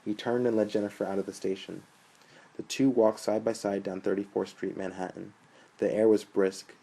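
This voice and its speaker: A man narrating a novel in a steady storytelling manner. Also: lowish voice, moderate pace, vocal fry, slightly rough, rough recording. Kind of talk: audiobook narration.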